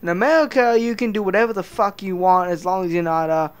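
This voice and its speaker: A man's voice: high-pitched, fast, smooth. A man giving heated, crude reaction commentary, stammering through many restarts. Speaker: commentary vlogger.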